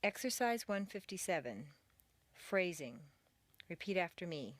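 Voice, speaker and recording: An accent training instructor leads a recorded pronunciation lesson, reading each example slowly and deliberately in a mid-range voice. She exaggerates her lively intonation so it swoops up and down well beyond normal speech for learners to copy. The recording is dry and close, with no room sound or echo.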